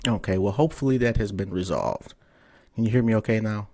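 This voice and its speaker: Slightly fast and a little mellow, this man's lowish voice belongs to a podcast host running a remote interview. Casual and cursing freely, he's annoyed by technical problems and repeatedly asks if the guest can hear him.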